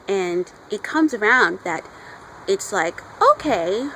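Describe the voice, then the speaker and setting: A woman's voice: medium pitch, very animated, takes it slowly, pushed and bright, rough recording. Woman, casual comic reviewer, enthusiastic and chatty, outdoor recording with light background noise. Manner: gushing, chatty fan talk with playful voices for characters.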